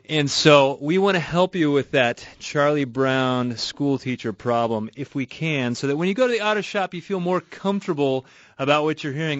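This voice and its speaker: Male radio co-host, mid-pitch, casual and rambling, dry studio sound on a dull broadcast line. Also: normal speed, fairly bright tone, no room sound. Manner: conversational, repeats words and restarts, laughs easily. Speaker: radio show host and auto repair shop owner. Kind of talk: casual radio call-in chat. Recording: muffled radio broadcast audio.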